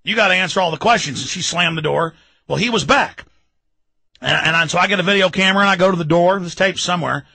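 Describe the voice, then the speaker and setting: Ranting Texan male radio host, high gravelly voice, mocking and loud. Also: quick pace, no room sound, poor audio. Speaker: radio talk show host. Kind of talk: fired-up political rant.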